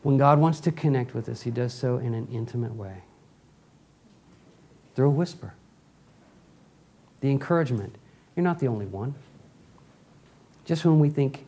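Mellow-voiced male preacher. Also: mid-range voice, normal speed, pauses often, slightly rough. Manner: dramatic, swings from forceful to soft and intimate. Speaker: pastor. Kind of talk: sermon.

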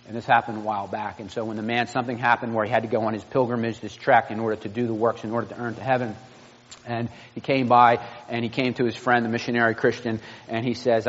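Low-voiced guy preaching a sermon, lots of ums and restarts, dull lo-fi church recording with long echo. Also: little pitch movement. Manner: halting, with frequent fillers and restarts, earnest. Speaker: pastor. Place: church sanctuary. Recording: dull lo-fi sound with long hall reverb.

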